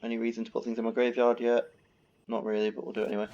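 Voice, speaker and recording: In a dull lo-fi recording, a gaming video host rattles off rapid-fire, monotone commentary on his own card game. His mid-range voice is a little mellow, and he mutters, swears and rants in exasperation when annoyed.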